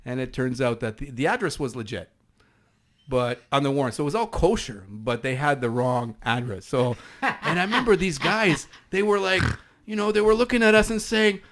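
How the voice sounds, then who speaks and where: A man's voice: mid-range voice, lively intonation, moderate pace, a bit bright. A man from Canada, a former SWAT officer, telling an anecdote as a guest with many restarts and fillers. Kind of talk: storytelling anecdote in conversation.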